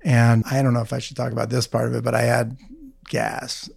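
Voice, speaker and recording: A man with a gravelly, mid-pitched voice tells a self-mocking story as a podcast guest. He quotes what everyone said and keeps laughing at himself as he goes. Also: brisk. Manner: animated anecdote teller, quotes people, laughs at himself. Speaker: orthopedic surgeon guest. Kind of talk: casual storytelling.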